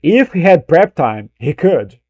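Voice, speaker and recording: A man chatting through a reaction stream, his mellow voice rambling, swearing and chuckling at his own slips. The sound is dry and close, with no room around it. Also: on the high side, sing-song, a little slow, dry recording, muffled recording. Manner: swears freely, rambling, laughs at himself. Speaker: streamer reacting to a film clip. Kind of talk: casual reaction commentary.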